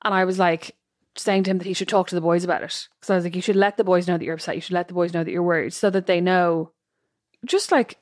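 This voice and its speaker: A woman co-hosting a casual chat, quick and teasing. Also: lowish voice, darkish tone, no echo, clean studio sound.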